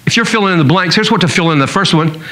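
A man's voice: high voice, expressive, racing, sharp tone, low-quality recording. A man pastor preaching a sermon in a conversational storytelling way, chuckling now and then.

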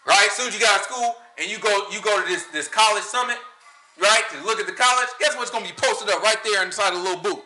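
Southern man, bright high voice, lively Bible teacher, echoey room. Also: fast, slight background noise. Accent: US Southern country. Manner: animated, rhetorical questions, frequent laughter. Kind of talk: informal Sabbath teaching.

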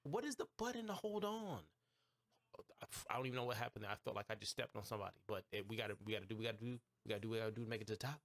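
A man hosting his own live game stream, trash-talking and reacting loudly as he plays. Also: on the low side, racing, no room sound. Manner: excitable, talks back to the game, trash-talking; bursts into shouts and squeals when surprised. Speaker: gaming streamer host. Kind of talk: live gameplay commentary.

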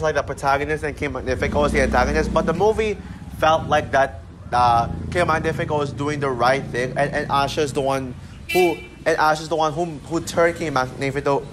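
A man rants about a film in a rambling, exasperated way, cursing freely as he goes. His voice sits a little on the high side, with a faint hum of room ambience behind him. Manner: exasperated, rambling, swears a lot. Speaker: movie reviewer. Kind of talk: casual rant.

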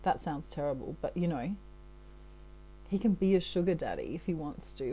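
Woman doing a tarot reading, lowish mellow voice, chatty, keeps saying okay. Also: normal speed, a little hiss or hum, rough recording. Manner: laughs at herself easily. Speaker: tarot reader.

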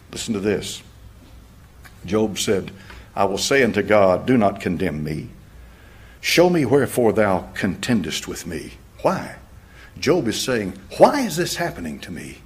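A male pastor preaching a sermon, swinging between loud passages and hushed, near-whispered lines. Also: on the low side, slightly rough.

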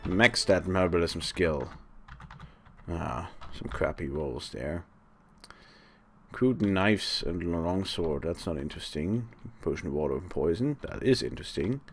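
Let's play host, male, deep and slow-spoken, dry sarcasm, rambles while he plays, faint hiss behind. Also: lively intonation. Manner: sarcastic, talks to the monsters; rambling, thinks aloud. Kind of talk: live gameplay commentary.

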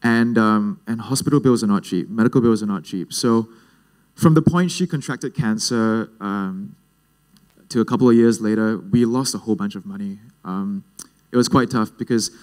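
A man's voice: on the low side, normal speed. A man in his twenties with a Singaporean English accent, telling personal stories in a casual, jokey way at a youth leadership talk. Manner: casual, jokey, lively storytelling. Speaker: speaker at a youth leadership event.

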